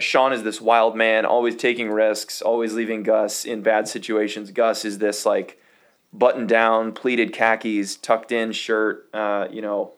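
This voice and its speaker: A man co-hosting a podcast, rambling and correcting himself as he retells scenes from a show. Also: fairly low pitch. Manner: rambling, self-correcting storyteller. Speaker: podcast co-host. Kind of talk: casual chat.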